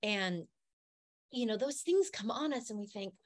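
Brief: middle-aged female podcast host, earnest and heartfelt storyteller, mid-pitched voice. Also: measured pace, no room sound. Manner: emotional, earnest, animated storytelling.

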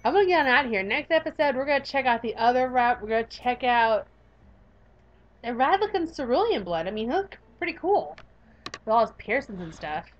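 A woman's voice: on the high side, fairly quick, highs cut off. A young woman playing a visual novel, reading its narration aloud and chatting playfully. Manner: playful, giggly, expressive. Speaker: gaming YouTuber.

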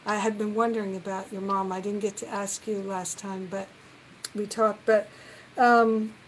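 A woman leading a reflective spiritual talk on a live group call, gentle and earnest, now and then acting out the voices she quotes. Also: medium pitch, flat delivery, normal speed, a little hiss or hum, poor audio.

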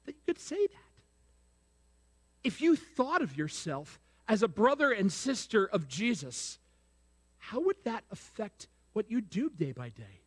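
Male pastor with a very high voice, preaching and prompting the congregation with questions, long church reverb. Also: very animated, measured pace, husky. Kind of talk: sermon. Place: church sanctuary.

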